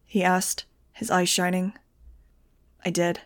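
A woman reading a novel aloud in the first person, with a steady, measured delivery. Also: lowish voice, no room sound, clean studio sound. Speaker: audiobook reader.

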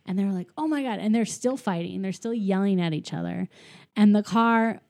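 A woman with a mellow, rounded voice recaps a film in easy conversation. She acts out each character's quotes as she goes, and her talk is full of filler "likes.". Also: mid-range voice, moderate pace, gravelly. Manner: animated retelling, acts out quoted lines, frequent "like". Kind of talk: casual movie recap chat.

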